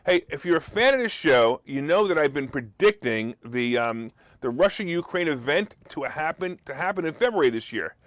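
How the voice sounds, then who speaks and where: A man's voice: on the high side, expressive, normal speed, no echo. A man hosting a talk show, delivering an opinionated monologue with sarcastic, mocking asides and incredulous questions.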